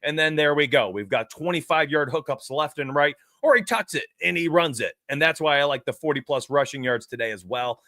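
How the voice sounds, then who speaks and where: A man's voice: on the high side, brisk, few pauses, dry recording, clean studio sound. Hyped man hosting a betting stream. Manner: excitable, hype-driven, addresses chat directly. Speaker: sports betting show host. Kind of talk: energetic live-stream betting talk.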